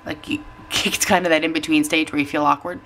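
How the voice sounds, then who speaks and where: A woman's voice: deep voice, fairly even intonation, fairly quick, a bit bright, a little hiss or hum. A woman talks to her camera at home, chatty and emotional, tearful and laughing at herself. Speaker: weight-loss vlogger. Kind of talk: casual chat to camera.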